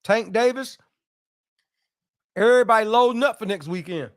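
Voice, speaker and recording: High-pitched guy hosting a live stream, slangy and loose, just chatting with the viewers. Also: normal speed. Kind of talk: casual live-stream chat.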